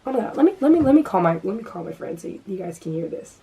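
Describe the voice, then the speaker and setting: A woman's voice: medium pitch, expressive, fast, far from the mic, music in the background, rough recording. A young woman vlogger telling a story in casual chat, full of fillers and restarts.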